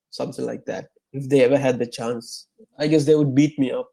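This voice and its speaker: A young man from Sri Lanka, an author answering interview questions casually, soft-spoken and halting. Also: medium pitch, steady tone, creaky, low-quality recording. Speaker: author guest.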